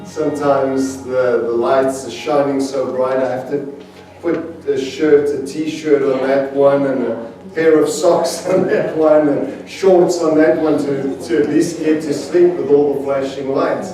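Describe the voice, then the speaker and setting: A man's voice: medium pitch, steady tone, unhurried, music in the background. A man preaching a sermon in a church, telling humorous stories in a chatty, self-mocking way and chuckling between anecdotes. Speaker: guest preacher. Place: large church sanctuary. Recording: very echoey hall, voice from far off.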